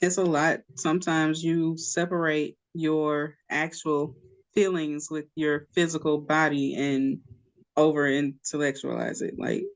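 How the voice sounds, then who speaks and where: Blunt, mid-pitched podcast co-host. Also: unhurried. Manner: blunt, expressive, acts out own thoughts. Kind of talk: casual chat.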